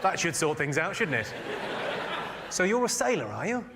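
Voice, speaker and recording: Comedian bloke, dry and rude, roasting the crowd, loud audience noise behind. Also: male voice, fairly high pitch, sing-song, normal speed, creaky. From England. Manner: dry, crude, teasing the audience. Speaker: stand-up comedian. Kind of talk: stand-up comedy with crowd work. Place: comedy venue on stage.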